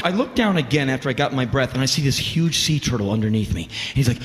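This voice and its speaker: A middle-aged man telling a story on a live stage, animated and profane, breaking into shouts. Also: mid-range voice, quick pace. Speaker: spoken-word comedian. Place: stage in a large venue. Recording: echoey hall with faint room noise.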